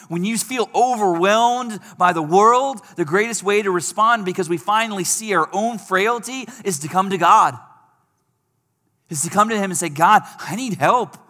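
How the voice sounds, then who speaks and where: A man's voice: high voice, pushed and bright, big-room sound. A man preaching a sermon in a conversational way, lifting his voice when he acts out pleading quotes.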